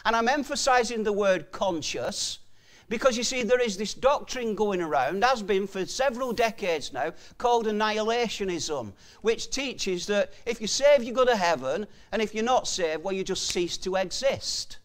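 A male preacher with a notably high voice delivers an earnest, emphatic sermon. His pitch rises and falls a great deal as he presses each point home. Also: animated, moderate pace.

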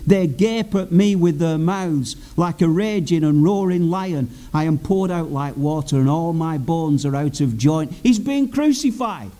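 A man's voice: high-pitched, mellow. A man preaching a sermon in an earnest, emphatic way, repeating key phrases for weight.

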